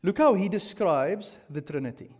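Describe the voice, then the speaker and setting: Pastor preaching in a reverberant hall. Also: male voice, sits high, normal speed. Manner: animated teaching with asides to the congregation. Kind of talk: sermon. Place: church hall. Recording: long reverb of a church hall.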